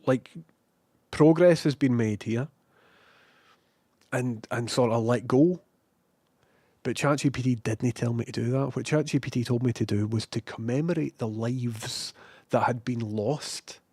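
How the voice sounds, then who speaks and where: A young adult Scottish man rambles through a casual livestream, reading viewers' chat and cursing freely at himself. His voice sits at an ordinary pitch for a man. The sound is dry and close. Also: unhurried, long pauses, no echo. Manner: sweary, self-mocking, animated.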